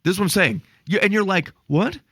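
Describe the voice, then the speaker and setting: A man co-hosting a casual faith podcast, telling stories in an animated, exasperated way with lots of restarts. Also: high voice, fast, no echo. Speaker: podcast co-host.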